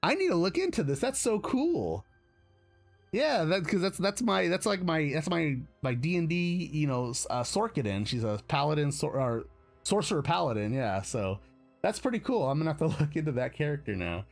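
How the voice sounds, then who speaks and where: A man's voice: on the high side, very animated, normal speed, creaky, soft background music. A man from the United States hosting a live stream, chatting casually in a rambling, self-correcting way with frequent chuckles. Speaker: streamer host.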